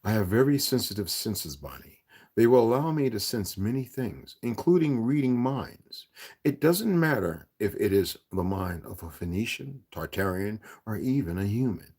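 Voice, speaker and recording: A man reading aloud, voicing a stern, possessive man who speaks softly and calmly with a serious edge. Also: on the low side, normal speed, breathy edge. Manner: soft, calm, serious. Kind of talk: audiobook reading.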